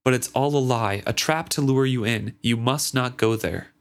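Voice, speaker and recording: A man's voice: medium pitch, moderate pace, close to an everyday voice. A man reading out the lines of a sly, confident young woman minstrel from a book, in a plain reading voice. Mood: urgent. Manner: read aloud plainly.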